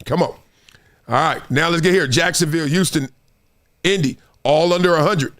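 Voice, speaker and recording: A man hosting a casual sports commentary show, animated and slangy, speaking straight to his viewers and slipping into sing-song bits. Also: on the high side, normal speed.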